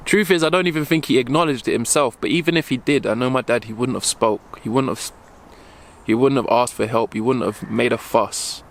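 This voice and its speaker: A young man vlogging while walking outdoors, speaking haltingly as he holds back tears, with many pauses and fillers. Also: medium pitch. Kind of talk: emotional personal vlog.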